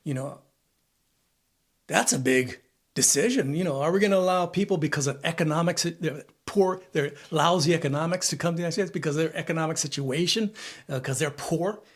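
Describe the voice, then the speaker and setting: A vlogger in his seventies delivers a casual opinion monologue that rambles and repeats, listing things and posing questions to himself. His voice is a little high, slightly rough, and a touch fast.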